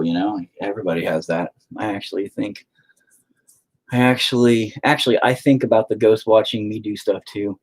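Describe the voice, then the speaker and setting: A man's voice: on the low side, husky. A man rambling to himself while painting, profane and self-deprecating. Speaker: painter talking to camera. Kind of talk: rambling casual monologue.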